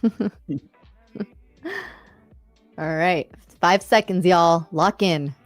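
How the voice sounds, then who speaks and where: A woman co-hosting a live trading stream, upbeat and quick to laugh, calling the market as it moves. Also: fairly low pitch, no echo, soft background music. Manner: upbeat, laughs often, cheers on winners. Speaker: co-host of a live trading show. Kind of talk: casual live-stream banter and market commentary.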